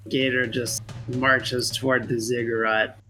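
Bright-voiced man playing a tabletop game. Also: medium pitch, level tone, measured pace, soft background music, rough recording. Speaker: player. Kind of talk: describing his character's actions.

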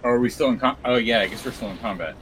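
A man's voice: medium pitch, fast talker, fairly bright tone, slight background noise. A man playing a tabletop game, thinking aloud tentatively about his turn. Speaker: player. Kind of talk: casual tabletop play.

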